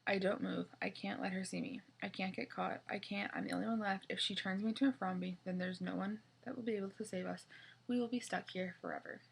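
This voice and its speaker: A woman's voice: medium pitch, steady tone, fast, creaky, breathy edge. A woman reading a children's chapter book aloud in a casual way, now and then stumbling and correcting herself. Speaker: reader.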